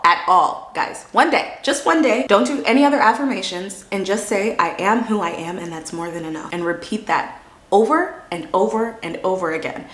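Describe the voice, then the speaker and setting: A woman, a manifestation coach, talking casually and earnestly to her viewers, chatty and emotional and quick to laugh. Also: medium pitch, fairly bright tone. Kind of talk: casual personal vlog talk. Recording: roomy echo.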